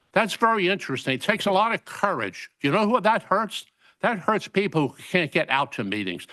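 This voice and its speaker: An older man with a forceful, bright voice pitched a little high stands at the podium microphone in a council chamber. He delivers his public comment with indignation, driving each point home and repeating phrases for emphasis. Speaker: resident giving public comment.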